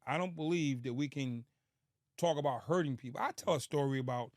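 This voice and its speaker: A middle-aged man telling a story as a podcast guest, animated, with street slang and emphatic repetition. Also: mid-range voice, fairly quick, no room sound, clean studio sound.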